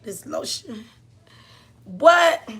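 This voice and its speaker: A woman's voice: a little high, very animated, extremely slow, gravelly, fairly bright tone, slight background noise. A woman hosting a casual livestream, chatting with viewers, laughing often and calling them honey and baby. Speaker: livestream host.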